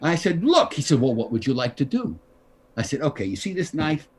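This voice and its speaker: Older man spinning a lively anecdote. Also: fairly high pitch, a little fast, a little hiss or hum. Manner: animated, acts out quoted dialogue. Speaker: guest actor. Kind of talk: anecdotal storytelling.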